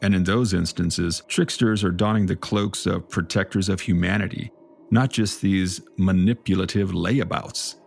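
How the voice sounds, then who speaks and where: A man co-hosting a podcast, telling folk tales in a relaxed, jokey way with dramatic read-aloud narration. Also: low voice, moderate pace, creaky, husky. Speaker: podcast co-host. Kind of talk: casual storytelling chat.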